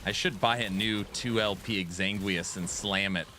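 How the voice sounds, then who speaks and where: A man's voice: fairly low pitch, fairly even intonation, normal speed, pushed and bright, a little hiss or hum. A man streaming a video game, bantering playfully and defensively with his chat. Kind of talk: casual gaming stream chat.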